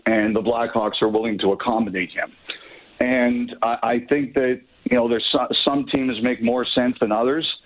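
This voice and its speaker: A man calling in as a hockey insider guest, out of breath and talking in halting bursts with many restarts. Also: medium pitch. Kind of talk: phone interview. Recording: tinny phone line.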